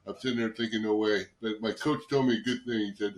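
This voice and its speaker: A man in his sixties, a former football player, is a guest on a podcast, rambling through casual anecdotes, swearing and acting out other people's voices. His voice is fairly low with fairly even intonation, he talks fast, and the recording is reverberant.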